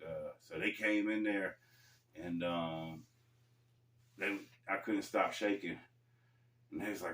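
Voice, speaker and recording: Deep-voiced man telling a story, roomy sound. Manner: loose and conversational with slang, addresses viewers as folks. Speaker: vlogger telling a personal story. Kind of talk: casual storytelling. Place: gym during a workout. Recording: roomy, distant mic.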